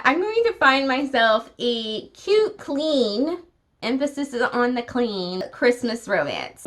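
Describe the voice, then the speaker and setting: Speaking in a medium-pitched, fairly bright voice, this book vlogger talks casually about her recent reads. She's a young woman filming at home at night, opinionated and full of filler words.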